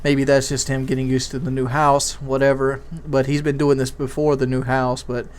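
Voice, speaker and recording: The man speaks at medium pitch and a moderate pace, smooth but completely flat. As a YouTube commentator, he rambles casually through a candid parenting story, repeating himself and restarting many times.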